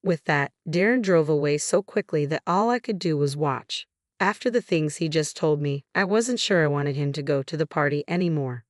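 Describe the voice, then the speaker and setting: A woman narrating a first-person story in an even, measured reading voice. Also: low-pitched, no echo, studio quality.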